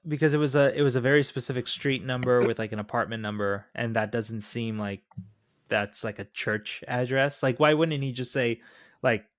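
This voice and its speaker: A mid-pitched man chats in a relaxed way and keeps questioning the logic of the story. His voice is recorded dry and close. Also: normal speed, no echo. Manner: questioning, puzzles over plot holes. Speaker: podcast co-host. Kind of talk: casual chat.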